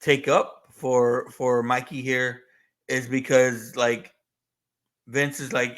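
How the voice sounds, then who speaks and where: A man's voice: mid-range voice, level tone, takes it slowly, a bit bright. A man co-hosting a casual movie podcast, swearing freely, laughing a lot and rambling loosely. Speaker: podcast co-host.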